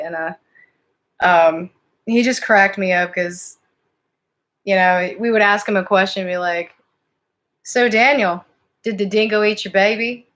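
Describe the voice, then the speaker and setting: A woman's voice: mid-range voice, a bit bright. A woman giving casual live-stream psychic readings, chatty and giggly, often wandering off topic. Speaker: psychic card reader.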